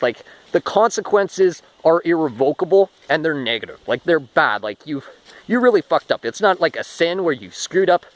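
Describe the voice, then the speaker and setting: A man's voice: fairly high pitch, rough recording. A man talking through a rambling spoken monologue, restarting often and swearing casually. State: short of breath.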